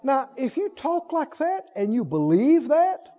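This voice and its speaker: An older male preacher with a very high, lively voice delivers an emphatic sermon. He fires questions at his listeners and answers them himself, moving between loud declarations and quiet asides. The recording sounds dull and lo-fi. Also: unhurried. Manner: emphatic, repeats call-and-response questions, swings between loud and soft.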